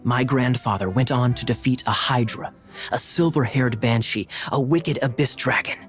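In game dialogue over faint music, an actor voices a dramatic, secretive young man bragging about his pirate grandfather. His voice is natural and medium-pitched, his pace normal, his mood one of storytelling.

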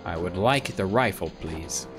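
A man's voice: animated, unhurried, over music. Chatty, rambling male game streamer. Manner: rambling and chatty, with sudden squeaky joke voices. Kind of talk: casual gameplay commentary.

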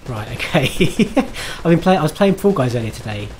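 A man's voice: fairly high pitch, big pitch swings, normal speed, a little mellow. A man streaming himself playing a game, chatting to viewers in a self-mocking way, swearing and laughing at his own mistakes. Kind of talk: live gameplay commentary.

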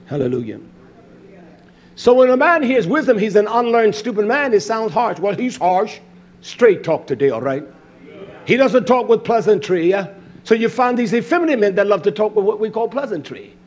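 A man's voice: high voice, expressive, normal speed, highs cut off. A man preaching a fiery sermon, his intensity rising and falling as he calls out hallelujah between points.

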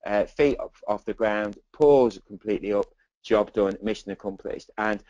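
A man's voice: lowish voice, normal speed, a little mellow, dry recording, muffled recording. A man teaching dog photography in a webinar, chatty and enthusiastic, with many asides like "okay". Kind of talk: presenting slides in a webinar.

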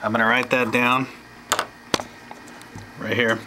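A man walks through a tutorial step by step at an unhurried, deliberate pace. His voice sits in an ordinary middle pitch. A steady noisy hiss runs under the recording. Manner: slow, plain explaining with asides. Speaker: teacher.

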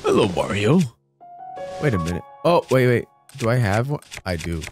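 A man's voice: mid-range voice, expressive, brisk. A man giving casual, goofy let's-play commentary, mocking himself and talking to the game characters. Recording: game music behind voice.

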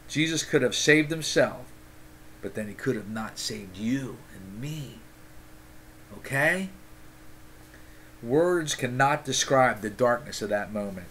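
A man's voice: medium pitch, expressive, a bit bright. Earnest man reading devotions aloud. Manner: earnest, breaks into fired-up tangents and quick apologies; frequent "okay?" check-ins to listeners. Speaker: devotional reader and lay preacher. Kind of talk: informal devotional reading with commentary.

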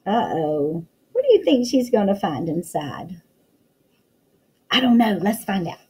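A woman's voice: medium pitch, sing-song, measured pace, dark tone, breathy edge, rough recording. A woman teacher reading a picture book aloud to young children, full of exclamations and questions to the listener.

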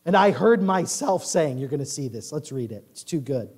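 A male pastor preaching a sermon, reading scripture in a loud rising voice and dropping low for asides. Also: expressive, normal speed. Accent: American Midwest. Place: church sanctuary.

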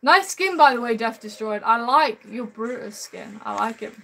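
A woman streaming a game live, upbeat and chatty with her viewers. Her voice sits a little high, and she often calls the chat man or bro. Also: steady tone, normal speed, gravelly, a bit bright, a little hiss or hum. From United Kingdom.

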